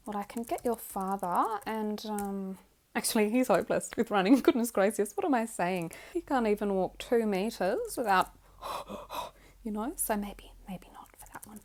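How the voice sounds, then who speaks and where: A woman's voice: mid-range voice, a little mellow, lightly acted. A woman voicing a doting, wealthy Australian mother in a whispered role-play, fussy and gushing, calling the listener darling.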